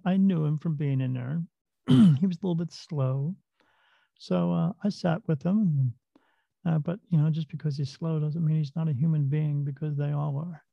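A man with a gravelly, slightly high voice talks earnestly and casually, swearing now and then. The sound is dry and a little dull, like a cheap lo-fi mic. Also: dry recording. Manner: earnest, plain-spoken, drops mild swearing. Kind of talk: casual conversational storytelling.

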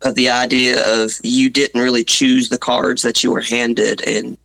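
A man's voice: medium pitch, flat delivery, a little slow, gravelly, a bit bright, poor audio. A man with a Southern Appalachian accent, a musician being interviewed, talking casually with restarts and self-deprecating asides. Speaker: musician guest.

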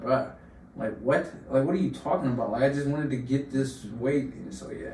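A man's voice: medium pitch, moderate pace, a little mellow. A young man in casual podcast chat, telling long fired-up stories full of slang. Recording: roomy room, distant mic, faint hum.

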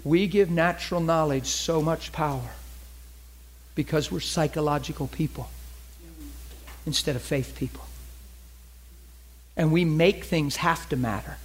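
A man's voice: on the high side, unhurried, long pauses. A man preaching a sermon, acting out little scenes and dialogue in different voices.

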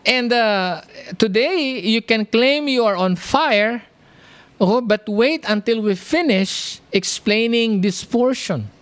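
A preacher delivering a sermon, reading scripture verses slowly and with lifted emphasis, then explaining them with rhetorical questions and asides to the congregation. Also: medium pitch.

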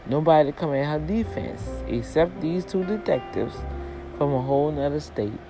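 A woman casually retelling a story, lively and expressive, acting out the people in it and dropping in religious asides. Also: moderate pace, music in the background, rough recording. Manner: animated, acts out quoted voices with big pitch jumps.

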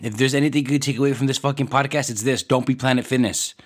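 A man's voice: medium pitch, steady tone, fast. A man ranting casually on a podcast, swearing constantly and rambling with lots of filler words. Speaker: podcast host.

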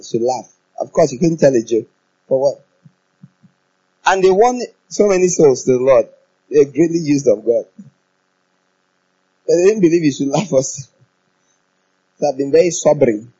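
A man preaching a sermon in an animated, playful way, often laughing and leading the congregation in chanting. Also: medium pitch, slightly rough, dull audio.

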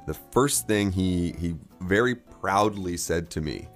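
Deep-voiced man, relaxed co-host. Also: unhurried, soft background music. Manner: relaxed, explains with everyday examples. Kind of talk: casual chat.

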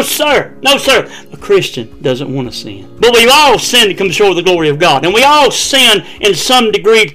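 Older guy preaching hard, high bright voice, soft then yelling, some faint music behind. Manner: fervent, swings from hushed to shouting. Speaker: pastor. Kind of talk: preaching a sermon.

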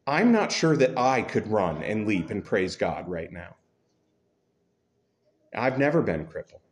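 Low-voiced man preaching a casual sermon. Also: sing-song, a little slow. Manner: self-deprecating, conversational, humorous. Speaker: pastor. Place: church.

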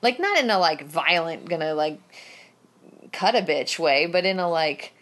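A woman co-hosts a podcast in loose casual chat, her voice sitting on the low side. She rambles with lots of fillers and restarts. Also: animated, normal speed, a bit bright. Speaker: podcast co-host.

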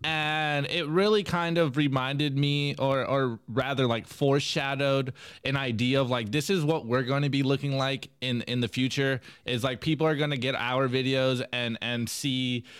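A man's voice: medium pitch, steady tone, moderate pace, a bit bright, clear, resonant tone. A man co-hosting a podcast in a rambling, laid-back way, full of filler words. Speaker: podcast co-host. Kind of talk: casual chat.

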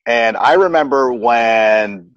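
A man's voice: medium pitch, slow pace, no room sound, highs cut off. A man in his thirties chatting casually in an interview about parenting, acting out quotes and leaning on "like" as a filler. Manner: animated storyteller who acts out quotes, many "like" fillers. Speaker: guest parent giving advice.

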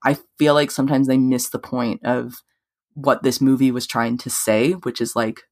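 A woman's voice: a bass voice, steady tone, normal speed, a little mellow. A woman co-hosting a podcast in casual chat, rambling with many fillers and casual swearing. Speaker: podcast co-host.

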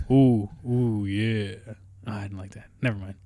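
A man's voice: lowish voice, fairly even intonation, slow, mellow. Young man hosting a casual podcast. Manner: loose and rambling, many fillers and restarts. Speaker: podcast host. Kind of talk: casual chat.

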